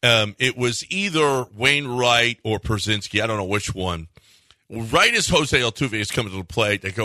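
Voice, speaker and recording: A man hosting sports talk radio, telling stories with lively acted-out quotes. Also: mid-range voice, unhurried, no echo. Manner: animated storyteller, acts out quotes loudly.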